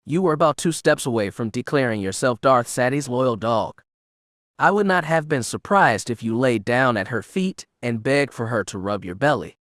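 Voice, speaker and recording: A man's voice: mid-range voice, animated, normal speed, a bit bright, no echo, close to an everyday voice. A steely young Sith inquisitor woman, firm and scornful, in a storybook reading, acted by a male reader. The voice is dry and close with no room around it. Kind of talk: audiobook character reading.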